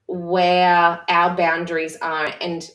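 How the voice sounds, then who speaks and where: A mother leading a discussion session who talks in a candid, reflective, halting way with frequent restarts. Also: lowish voice, monotone, a bit bright. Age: adult mother. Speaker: session facilitator. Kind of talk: personal sharing in a live-streamed discussion. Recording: roomy echo, voice far from the mic.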